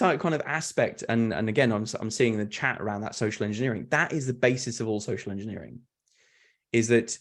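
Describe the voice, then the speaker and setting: Man, lowish voice, earnest and animated, video-call talk. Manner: earnest, animated, restarts and repeats words. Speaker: fraud prevention speaker. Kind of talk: webinar fireside chat.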